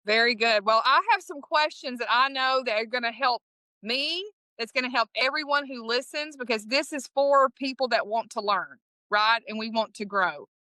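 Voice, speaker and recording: A woman's voice: a little high, moderate pace, sharp tone, no echo, poor audio. A woman with an East Texas Southern accent hosting a podcast in a folksy, upbeat way, often restarting her sentences. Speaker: podcast host.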